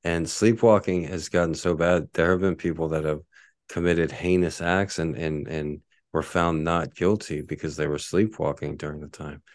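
A man's voice: extremely low pitch, fairly even intonation, moderate pace, no echo, clean studio sound. A man from Texas, a podcast host, telling rambling casual stories full of "like" and casual swearing. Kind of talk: casual storytelling.

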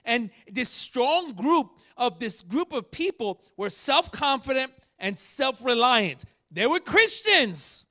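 A man preaching a sermon, teaching from scripture and acting out sharp rebukes with rising shouts. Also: extremely high pitch, big pitch swings, slow, few pauses. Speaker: pastor.

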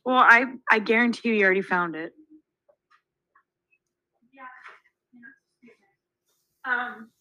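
A woman's voice: a little high, slow pace, long pauses, bright, forceful tone, dry recording, rough recording. A young woman co-hosting a podcast, chatty and telling family stories with lots of fillers. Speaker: podcast co-host. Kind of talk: casual chat.

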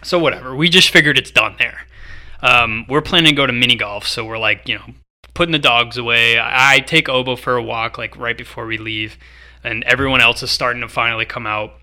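Podcast co-host: young guy, bright and tense-sounding, loose rambling anecdote. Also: medium pitch, a little fast. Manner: rambling storyteller, filler-heavy. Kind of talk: casual chat.

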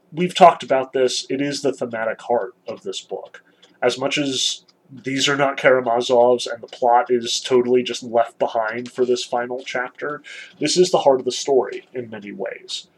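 A man's voice: medium pitch, breathy edge, rough recording. A man giving a conversational literature lecture, explaining with frequent "um" and "you know".

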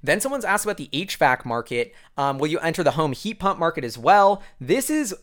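A man giving a casual, rambling commentary recap as a vlogger, excitable and full of fillers. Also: a little high, brisk.

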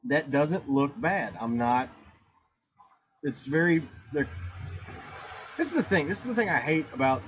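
A man's voice: fairly high pitch, expressive, measured pace, pauses often. A man chatting casually about motorcycles as a podcast co-host, rambling and restarting sentences. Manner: rambling, talks over others, restarts a lot. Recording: muffled with clear background noise.

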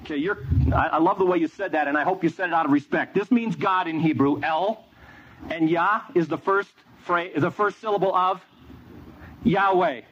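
A man's voice: fairly high pitch, moderate pace, fairly bright tone. A man preaching a sermon, telling a story with energy and quizzing the audience. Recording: dull lo-fi with faint noise.

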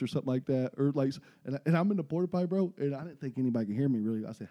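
Texan man, twenties, mellow dark tone, slangy, animated storyteller. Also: medium pitch, very fast, hardly any pauses. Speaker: podcast guest telling stories. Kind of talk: casual storytelling chat.

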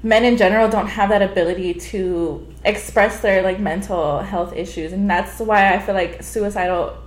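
A woman's voice: mid-range voice, fairly even intonation. A woman co-hosting a casual podcast chat, swearing freely and speaking with emphasis. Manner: fast, profane, emphatic. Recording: echoey room.

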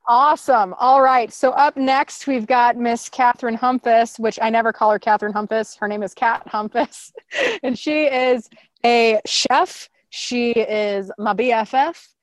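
A woman's voice: fairly high pitch, a little slow, no echo. Effusive, upbeat woman host. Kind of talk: casual interview hosting.

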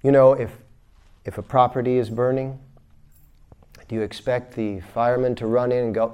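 Male spiritual teacher, lecture delivery, mid-range voice, dynamic storyteller with loud bursts. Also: mid-range voice, steady tone, moderate pace, long pauses, clear, resonant tone. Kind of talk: recorded lecture.

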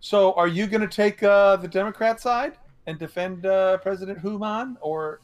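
A man's voice: high-pitched, normal speed. A man co-hosting a podcast, sarcastic and joking in casual political chat. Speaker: podcast co-host.

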